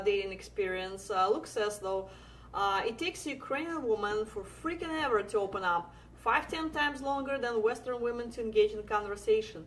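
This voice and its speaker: A woman co-hosting a live Q&A, reading viewer comments and answering in a measured way with frequent fillers. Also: on the high side, slight background noise. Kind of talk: casual live Q&A chat.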